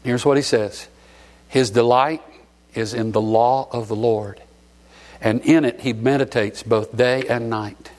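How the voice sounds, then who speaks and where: A man's voice: mid-range voice, steady tone, unhurried, a little mellow. A middle-aged man from Alabama preaching a sermon, sentimental and emotional as he tells stories. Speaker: pastor.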